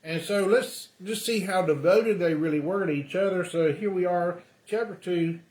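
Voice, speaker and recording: A man's voice: high-pitched, moderate pace, darkish tone. A man preaching a sermon, telling the story in a loose conversational way with lots of ums and uhs. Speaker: pastor. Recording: roomy echo.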